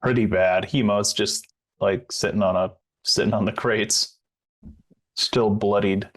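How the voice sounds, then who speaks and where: A man's voice: lowish voice, steady tone, a little slow. A man playing a tabletop game, describing his character plainly. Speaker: player. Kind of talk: casual game chat.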